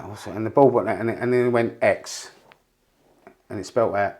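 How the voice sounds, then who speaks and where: Low-voiced rambling man telling stories. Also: a little fast, darkish tone. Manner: rambling, swears, restarts a lot. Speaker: podcast guest. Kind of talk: candid storytelling interview.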